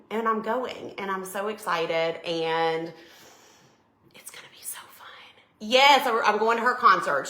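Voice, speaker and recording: A middle-aged woman hosting a crafting livestream, chatting excitedly with viewers as she works. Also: medium pitch. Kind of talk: casual live chat while crafting. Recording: echoey room.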